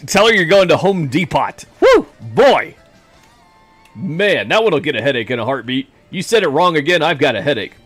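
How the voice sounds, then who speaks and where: Lively, chatty male game streamer. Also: a little high, normal speed, dry recording, soft background music. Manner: rambling, self-deprecating, jokey. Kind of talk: casual live-stream chat.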